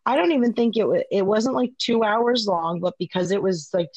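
A woman tells a story in casual podcast chat. She talks in an animated way with many fillers and swears now and then. Her voice is recorded dry and close, with no room sound. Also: mid-range voice, moderate pace, no echo, rough recording. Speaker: guest sharing a story.

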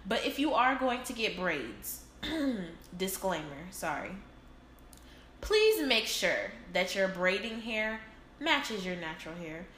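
A woman's voice: medium pitch, very animated, slow, fairly bright tone. A woman chatting casually and giving friendly advice, laughing often. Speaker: co-host. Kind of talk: casual chat. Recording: echoey room with faint noise.

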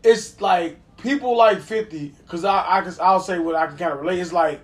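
A man co-hosting a casual podcast, rambling about himself in a relaxed, self-deprecating way with plenty of swearing. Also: high voice, moderate pace. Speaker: podcast co-host.

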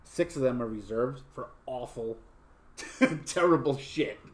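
A man's voice: medium pitch, takes it slowly. A young man hosting a podcast, telling crude stories in casual chat, full of swearing and fillers. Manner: crude, profane storytelling with lots of fillers. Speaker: podcast host.

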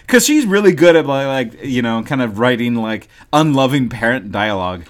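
A man's voice: mid-range voice, sing-song, brisk. A man co-hosting a casual book-discussion podcast, rambling with lots of fillers and reading passages aloud. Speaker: podcast co-host.

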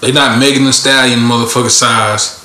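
Bright-voiced man in casual banter. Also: mid-range voice, brisk, reverberant, a little hiss or hum. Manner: loose, profane, animated, jokey voice swings.

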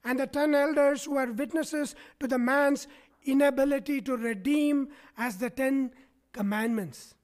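A man's voice: extremely high pitch, unhurried. Guy preaching a sermon at church, keeps asking the room "right?". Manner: asks the congregation frequent "right?" tags.

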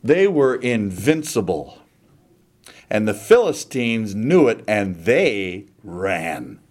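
Animated slow-paced male preacher. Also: on the low side. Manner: dramatic, animated retelling. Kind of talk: sermon storytelling.

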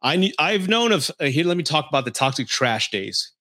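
A man's voice: fairly high pitch, very animated, brisk, pushed and bright. A man hosting a podcast, telling frank personal stories in a blunt, profane, casual way. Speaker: podcast host.

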